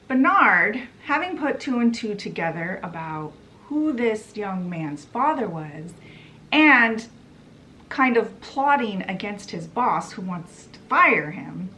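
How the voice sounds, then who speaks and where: A woman on her own vlog walks through a book plot at an unhurried pace. Her pitch sits right in the middle. Her storytelling is casual and chatty, with voices for the characters. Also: pushed and bright, a little hiss or hum. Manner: chatty retelling with quoted voices. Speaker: book vlogger.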